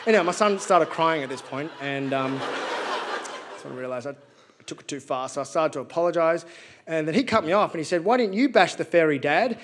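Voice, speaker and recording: A man, performing wry, animated stand-up storytelling on a theatre stage. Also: fairly high pitch, a little fast, noisy background. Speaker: stand-up comedian. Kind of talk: stand-up comedy.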